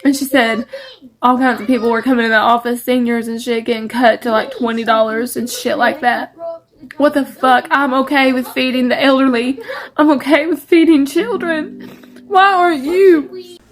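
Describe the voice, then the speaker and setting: A woman's voice: fairly high pitch, level tone, moderate pace. A working mother ranting angrily and tearfully, swearing freely. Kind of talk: angry phone video.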